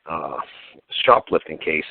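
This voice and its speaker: Deep-voiced, profane man on a phone line. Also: animated, takes it slowly, no room sound. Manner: blunt, profane, fired-up storytelling. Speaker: talk show guest. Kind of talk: casual call-in radio chat.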